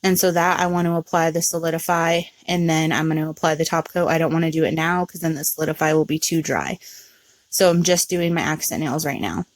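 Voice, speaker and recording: A woman with a somewhat low voice talks through a nail art tutorial step by step. Her delivery is relaxed and chatty, dotted with ums. The sound is dry, with no room echo. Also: brisk. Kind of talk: casual step-by-step tutorial narration.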